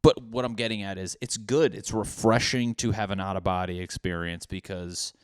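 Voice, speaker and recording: Young male podcast host, solo comic monologue, rambling and self-deprecating, smooth tone, dry close sound. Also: on the low side, fairly even intonation, moderate pace, no room sound. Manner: rambling, self-mocking, bursts into mock voices.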